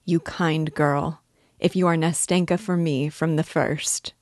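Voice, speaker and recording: A woman's voice: deep voice, fairly even intonation, measured pace, a little mellow, no room sound, clean studio sound. A woman reading a shy, lonely young man. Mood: earnest. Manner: earnest, hesitant. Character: shy solitary young man, earnest and wistful. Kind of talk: audiobook character reading.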